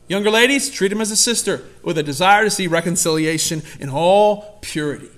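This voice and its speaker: A man preaching a sermon in an animated, conversational way, often acting out quotes. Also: fairly quick, hardly any pauses. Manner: animated, conversational, acts out quotes with sudden loud high voices. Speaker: pastor.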